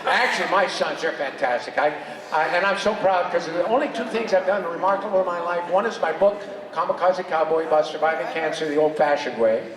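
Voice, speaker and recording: An older man with a fairly high voice tells opinionated, joking stories to a convention crowd. He sounds far from the mic in a big echoing hall, and there is a murmuring audience behind him. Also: a little fast. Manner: joking, opinionated storytelling with laughs. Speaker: convention panel guest. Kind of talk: animated convention panel talk. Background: audience reactions.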